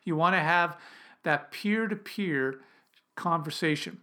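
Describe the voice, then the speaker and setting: Guy teaching a lesson, kinda high bright voice, chatty and emphatic. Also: slow pace. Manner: conversational, emphatic, with frequent restarts. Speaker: copywriting instructor. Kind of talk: spoken lesson with role-played calls.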